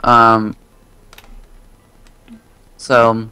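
A woman's voice: rumbling low, monotone, extremely slow, pushed and bright, smooth. Giggly teenage girl chatting while gaming. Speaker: gamer. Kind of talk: casual gaming chat.

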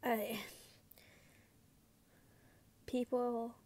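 A woman's voice: fairly high pitch, flat delivery, extremely slow, warm tone. A young woman reading fanfiction aloud, casual and giggly, often tripping over words. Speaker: fanfiction reader.

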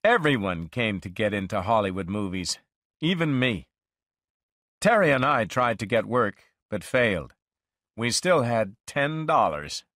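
A man narrating a story slowly and expressively for English learners. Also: on the low side, sing-song, fairly bright tone, dry recording, clean studio sound.

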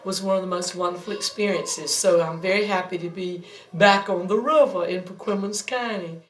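A woman in her seventies with a Southern US accent, speaking in a measured, earnest, devout way in an interview. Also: on the low side, a little hiss or hum. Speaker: retired teacher interviewed. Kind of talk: reflective interview.

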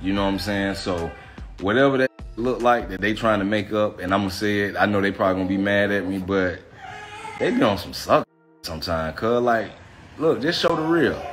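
A man chatting casually in a home vlog as a father and vlogger, with relaxed, slangy talk full of "cuz" and "you feel me". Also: fairly low pitch, brisk, soft background music.

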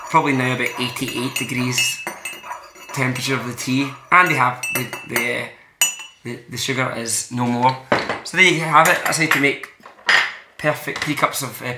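A man's voice: mid-range voice, heavy background noise. A man chatting casually as he makes tea, rambling in a playful, mock-serious way. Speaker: host making tea on camera. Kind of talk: casual chat. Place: kitchen. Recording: echoey kitchen with clattering dishes.

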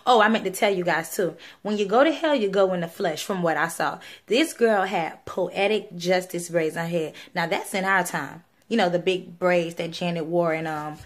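A woman's voice: fairly low pitch, moderate pace, few pauses. A young woman speaking, giving an earnest, pleading personal testimony on video with many fillers. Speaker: vlogger sharing a religious testimony.

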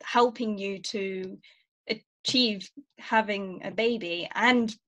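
A woman interviewing a guest, warm and encouraging. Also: mid-range voice, slow pace. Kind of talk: conversational interview.

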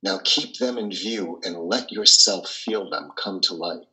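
An actor playing a cold visionary transhuman leader, speaking in a solemn, measured, persuasive way. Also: male voice, low-pitched, bright, forceful tone, exaggerated voice, rough recording. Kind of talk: audio drama reading.

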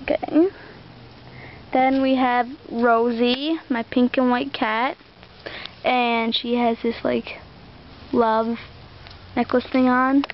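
A woman's voice: fairly high pitch, little pitch movement, slow, long pauses, highs cut off, a little hiss or hum. A young woman chatting casually outdoors, rambling as she shows off a collection. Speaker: vlogger showing a toy collection. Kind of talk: casual show-and-tell.

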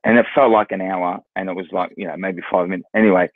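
A man with an Australian accent, a guest telling lively anecdotes in casual chat, full of restarts. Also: low-pitched, quick pace, no room sound. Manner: animated storyteller, frequent restarts. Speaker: guest, former footballer. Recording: phone-like line, dry.

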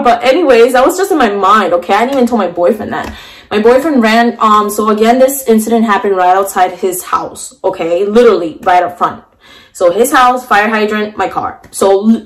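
A young woman vlogger telling a storytime tale in a chatty, animated way, full of fillers and asides. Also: medium pitch, normal speed, rough recording. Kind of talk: storytime vlog.

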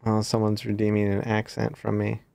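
A man's voice: lowish voice, monotone, a little fast, gravelly, warm tone, a little hiss or hum. Easygoing man streaming a game. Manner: easygoing, laughs often. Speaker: streamer host. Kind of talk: casual gaming chat.

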